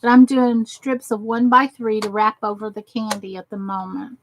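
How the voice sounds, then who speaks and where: A woman's voice: medium pitch, level tone, moderate pace, a bit bright, slight background noise, poor audio. An exhausted woman chatting casually as she works on crafts for her channel, rambling and talking to herself as she goes. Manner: rambling, talks to herself while working.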